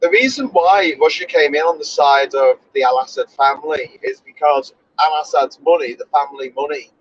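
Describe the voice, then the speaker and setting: This man's husky voice leans high and moves at a moderate pace, captured in a dry, dull lo-fi recording. Hosting a laid-back podcast chat, he meanders, voices firm opinions, and fixes his own words as he goes.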